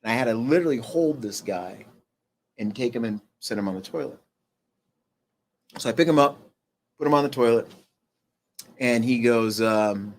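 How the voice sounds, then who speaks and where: As an interview-show guest, a middle-aged man in a mid-range voice tells a story from his own life. He keeps stopping and restarting, fills gaps with fillers, and turns quieter when things get heavy.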